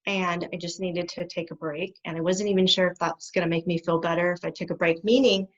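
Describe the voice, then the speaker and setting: Animated woman telling stories, dull sound. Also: fairly low pitch, fairly quick. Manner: animated storytelling, laughs often. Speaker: guest, behaviour specialist. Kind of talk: conversational interview.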